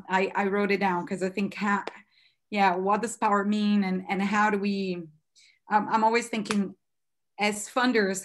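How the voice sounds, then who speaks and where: A woman moderating an online webinar, speaking over a video call at an ordinary middle pitch. She thinks aloud as she talks, with plenty of fillers and restarts as she hands over to the next presenter. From Brazil. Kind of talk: casual moderating and introducing speakers.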